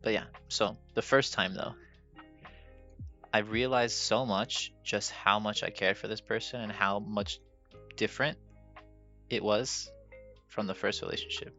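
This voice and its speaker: Gravelly young man, rambling and self-mocking. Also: fairly low pitch, fairly even intonation, measured pace, pauses often, pushed and bright. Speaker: podcast host. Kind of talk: casual personal storytelling. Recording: dull lo-fi sound with faint music.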